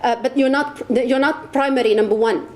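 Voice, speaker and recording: A woman's voice: sits high, brisk, darkish tone. A woman giving an impassioned religious talk to an audience, repeating words for emphasis. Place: lecture hall.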